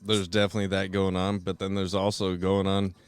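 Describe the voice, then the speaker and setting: Guest dude on a podcast, kinda low voice, super blunt, swears nonstop, dry sound. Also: male voice, completely flat delivery, brisk, clean tone, no echo. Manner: blunt and heavily profane. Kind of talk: casual podcast chat.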